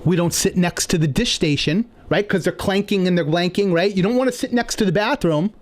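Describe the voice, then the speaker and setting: A man's voice: high-pitched, brisk. Ranting comic storyteller man. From New York. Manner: animated, indignant ranting. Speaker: comedian podcast host.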